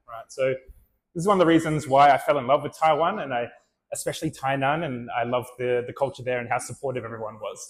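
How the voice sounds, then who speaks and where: Man, mid-pitched voice, casual storytelling to an audience, chatty, relaxed. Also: slight background noise. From Australia. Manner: relaxed, chatty, with many fillers. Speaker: speaker and vlogger.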